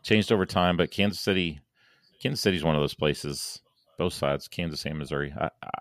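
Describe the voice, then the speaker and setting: Very deep-voiced man, halting and dry. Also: no echo. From Saint Louis, USA. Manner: halting, many restarts and fillers. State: losing his voice. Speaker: guest, engineer and planner. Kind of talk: casual podcast conversation.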